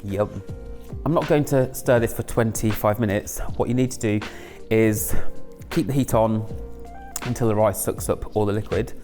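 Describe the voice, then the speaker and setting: A man's voice: lowish voice, normal speed, warm tone, faint music behind. A man chatting casually through a home cooking video, rambling with self-mocking asides. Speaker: home cook and channel host. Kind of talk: casual cooking vlog chat.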